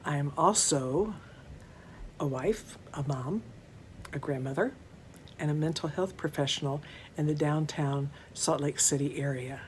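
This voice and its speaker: Low-voiced, gentle middle-aged woman. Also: slight background noise. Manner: gentle, measured, with unhurried pauses. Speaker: mental health counselor. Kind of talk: conference talk.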